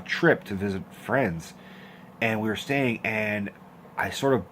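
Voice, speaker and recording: A young man telling a story in a casual, animated, profane rant, acting out quotes with squeaky voices. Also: a little hiss or hum. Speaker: host of a horror film rant channel.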